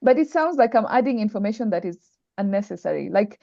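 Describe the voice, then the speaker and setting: A woman's voice: medium pitch, lively intonation, quick pace, gravelly, mellow, no echo. A woman teaching Arabic grammar in an online class, patient and full of examples, with a dull, dry video call sound. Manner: patient, explains with examples, many restarts.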